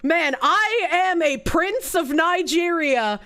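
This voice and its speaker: A woman's voice: very high voice, expressive, slow pace, sharp tone, pitched above the performer's own voice, full character voice. A woman doing an oily scam prince. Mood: smarmy. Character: smarmy male scam-email prince.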